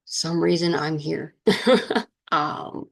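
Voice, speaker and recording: A woman's voice: low voice, drawn-out words, creaky. A woman podcast host and minister telling a candid personal story, rambling with many fillers and getting emotional.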